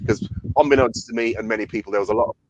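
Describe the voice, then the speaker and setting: A man's voice: fairly low pitch, steady tone, racing, slight background noise, low-quality recording. A man from England, a comedian guest, talking playfully in a rambling way from his home office on a video call. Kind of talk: casual interview. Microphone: headphones on a video call.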